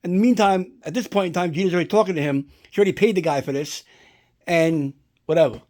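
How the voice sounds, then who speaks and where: Man, slightly high voice, casual home vlog, rambling and profane. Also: quick pace, a little mellow. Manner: rambling storyteller, swears a lot, "blah, blah, blah". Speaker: collector showing a movie prop. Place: indoors at home.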